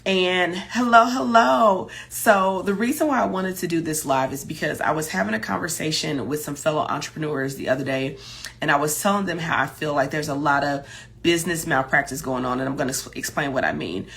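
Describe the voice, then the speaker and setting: Low-pitched bright chatty woman host. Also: a little fast, creaky. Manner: chatty, greets viewers by name, many fillers and asides. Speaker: business coach for chefs, livestream host. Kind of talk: casual live-stream talk.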